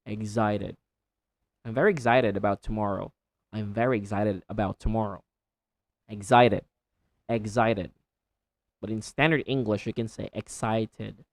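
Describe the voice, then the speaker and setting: A woman teaching English pronunciation, repeating words slowly with exaggerated, deliberate enunciation. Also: extremely low pitch, steady tone, no echo. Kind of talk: pronunciation tutorial.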